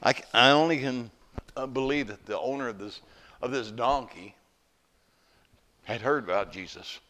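A middle-aged pastor giving a folksy sermon, telling stories and asking rhetorical questions. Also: male voice, mid-range voice, moderate pace, pushed and bright.

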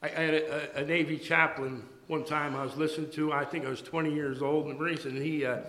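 A man preaching a sermon to his church, halting and restarting his words, then pressing his points with emphasis. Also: a little high, little pitch movement, sharp tone, echoey room, rough recording. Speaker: pastor.

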